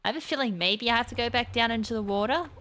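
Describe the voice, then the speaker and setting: Her voice sits a little high and sounds fairly bright, and she talks fast. Running a gaming channel, this woman keeps up easygoing let's-play chatter, musing aloud as she plays, laughing at her own slip-ups and bursting into abrupt outcries.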